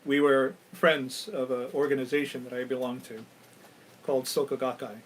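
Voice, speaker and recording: Hushed dramatic male storyteller. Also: medium pitch, flat delivery, moderate pace, a little hiss or hum, poor audio. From Hawaii. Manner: dramatic, dropping to a hush at key moments. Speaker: storyteller and host. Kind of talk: live ghost-story telling.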